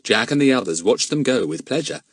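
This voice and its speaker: A man's voice: mid-range voice, expressive, brisk, slightly rough, no room sound, studio quality. A man reading a children's adventure audiobook aloud as narrator. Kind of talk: scripted narration.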